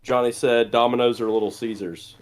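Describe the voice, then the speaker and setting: A man's voice: mid-range voice, steady tone, a little fast. A man with a Southern US accent co-hosting a casual gaming chat, laid-back and opinionated. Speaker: podcast co-host.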